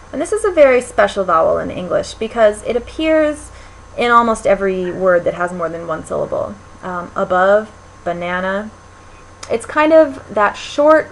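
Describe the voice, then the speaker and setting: A woman's voice: mid-range voice, fairly bright tone, a little hiss or hum, low-quality recording. Woman giving a linguistics lecture. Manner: explanatory, frequent ums and restarts. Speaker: linguistics instructor. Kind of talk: recorded lecture.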